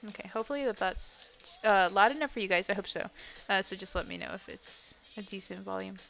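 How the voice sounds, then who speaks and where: A woman's voice: medium pitch, fairly quick, creaky, fairly bright tone, a little hiss or hum. A young adult woman chatting casually to viewers on a gaming live stream, swearing freely and blurting out exclamations. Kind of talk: casual live-stream chat while playing. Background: faint music.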